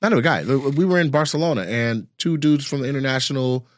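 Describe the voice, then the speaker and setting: A man co-hosting a casual chat, telling animated stories and acting out the voices of the people in them. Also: medium pitch, fairly quick, no room sound.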